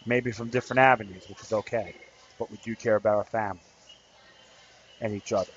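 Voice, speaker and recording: A man's voice: on the low side, steady tone, fairly quick, fairly bright tone. A man hosting a podcast as an activist, telling a story in a rambling, earnest casual monologue. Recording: slightly dull recording with faint background noise.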